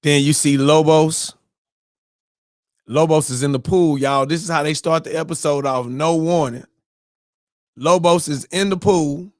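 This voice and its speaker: Excitable man telling a story, dry close sound. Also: a little high, measured pace, long pauses, no echo. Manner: excitable, exclaims and mimics his own reactions. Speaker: morning show host. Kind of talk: animated casual storytelling.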